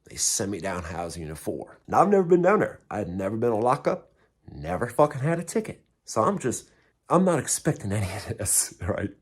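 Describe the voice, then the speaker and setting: A man's voice: fairly low pitch, big pitch swings, fairly quick, husky. A man telling a story in a casual way, blunt and heavily profane, and mocking himself. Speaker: vlogger recounting prison time.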